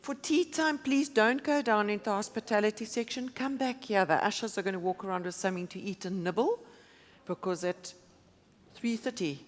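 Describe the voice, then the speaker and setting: A woman event organizer making announcements and directing groups in a brisk, friendly way. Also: medium pitch. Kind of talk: logistics announcements. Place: large conference hall. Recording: reverberant hall.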